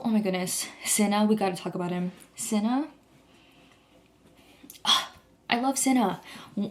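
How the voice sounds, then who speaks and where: A woman's voice: medium pitch, darkish tone. Gushing young woman rambling casually. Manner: gushing, rambling, heavy use of "like". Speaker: vlogger. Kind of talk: casual chat.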